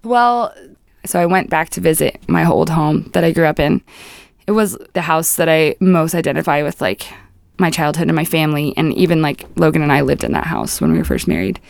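A woman's voice: sits low, lively intonation, brisk, vocal fry, no room sound, studio quality. A young woman, a musician being interviewed, talking in a rambling, reflective way with lots of "like". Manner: rambling, heavy use of "like", reflective. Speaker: musician guest. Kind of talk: casual interview chat.

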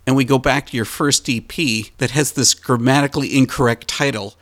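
A man's voice: mid-range voice, fairly even intonation, fairly quick, fairly bright tone. A man interviewing musicians, asking playful, teasing questions.

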